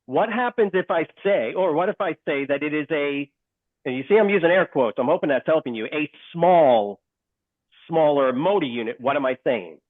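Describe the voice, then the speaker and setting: A male instructor giving a live online lesson. He is animated, keeps questioning the class and repeats key points slowly. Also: a little high, no echo. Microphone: video call. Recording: dry, phone-like call audio.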